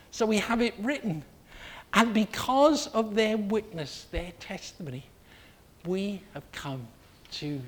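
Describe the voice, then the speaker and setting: A preacher giving an earnest sermon, telling a story with steady repetition. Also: medium pitch.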